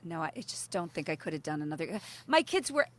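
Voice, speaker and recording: A woman's voice: low-pitched, very animated, fast. A middle-aged woman co-hosting a podcast, telling stories in casual chat, acting out quoted voices and laughing often. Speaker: podcast co-host.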